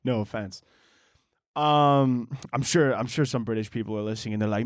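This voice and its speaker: A man's voice: medium pitch, normal speed, dry recording, studio quality. A young man hosting his own podcast solo, rambling in a profane, self-mocking way and laughing often at his own jokes. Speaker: podcast host. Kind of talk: casual comedic podcast monologue.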